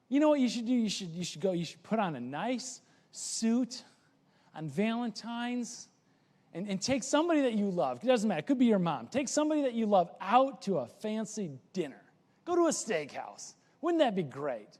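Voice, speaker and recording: A man preaching a casual, conversational sermon as pastor, chatty and full of restarts and lively asides. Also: high-pitched, normal speed. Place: church sanctuary. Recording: church hall with long reverb.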